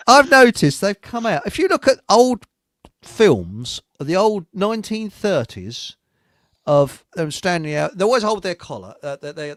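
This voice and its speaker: A man's voice: high-pitched, no echo, studio quality. A man hosting a live chat show, rambling and giggling as he reads out messages. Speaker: host.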